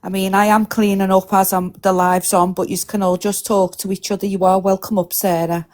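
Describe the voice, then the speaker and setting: A woman hosting a live stream, teasing and playful, firing off quick questions in casual banter. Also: medium pitch, little pitch movement, darkish tone.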